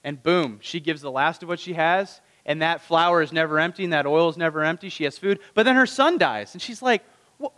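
Pastor, man, high-pitched, lively storyteller voicing the characters, church hall reverb. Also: a little fast. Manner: animated storytelling, acting out the characters' lines. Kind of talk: sermon. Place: church room.

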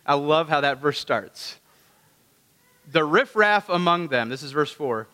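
A man's voice: a little high, pushed and bright, big-room sound. A man preaching a conversational sermon. He keeps asking the congregation rhetorical questions. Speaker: pastor.

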